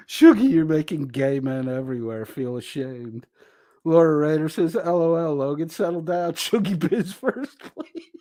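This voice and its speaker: A man's voice: on the high side, lively intonation, a little slow, mellow, no room sound, studio quality. Crude laughing man reading stream chat. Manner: crude, laughing, reads viewer comments aloud. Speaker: livestream host reading chat. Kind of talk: casual livestream chat reading.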